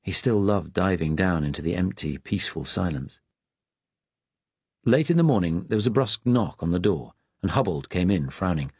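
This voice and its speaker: A man reading an audiobook in a measured, even narrating manner. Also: deep voice, slightly rough, no echo.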